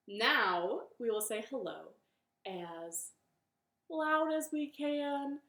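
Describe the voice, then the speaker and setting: A woman's voice: a little high, fairly bright tone, echoey room. A woman hosting a children's storytime from her living room, talking cheerfully and directly to young children. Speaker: library storytime host.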